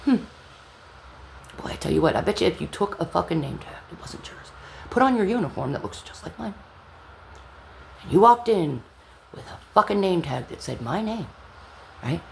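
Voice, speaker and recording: A woman telling an angry personal story in a blunt, profane vlog monologue that sometimes drops to a low whisper. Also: big pitch swings, moderate pace, creaky, pauses often. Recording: echoey room with faint background hum.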